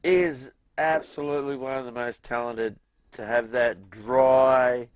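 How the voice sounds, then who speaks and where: A man's voice: medium pitch, steady tone, measured pace, dry recording. A man hosting a casual interview, laid-back and asking short questions. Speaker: podcast host.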